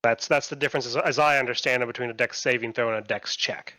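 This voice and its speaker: A man narrating as dungeon master in an online tabletop game, halting and full of fillers. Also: medium pitch, steady tone, sharp tone.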